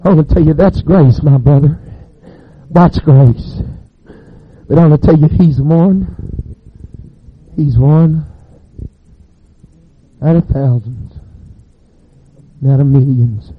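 A man, preaching a sermon as a fervent storyteller with dramatic pauses. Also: fairly high pitch, husky, no room sound, highs cut off.

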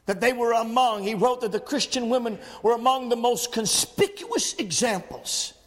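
A man delivering a sermon in a church, his voice sitting very high and rising into shouts, with many "uh" fillers between phrases. The sound rings with a long hall reverb. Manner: preaching cadence, frequent "uh" fillers, rising to shouts. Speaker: preacher. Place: church sanctuary.

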